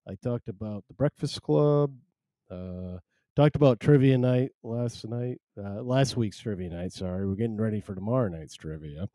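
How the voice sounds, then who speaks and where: A man hosts a solo live stream, rambling along with wry, self-deprecating asides. His voice sits low and very dark. The sound is dry and close. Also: lively intonation, moderate pace, dry recording.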